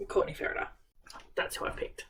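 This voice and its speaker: A woman's voice: a little fast, a bit bright. An Australian woman co-hosting a casual book chat, playful and laughing, swearing cheerfully. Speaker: booktuber co-host. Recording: distant mic, faint background noise.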